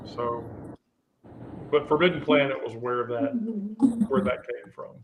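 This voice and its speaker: A man hosting a relaxed group chat, rambling and often restarting his sentences. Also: mid-range voice, measured pace, background noise. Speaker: host. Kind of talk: casual chat.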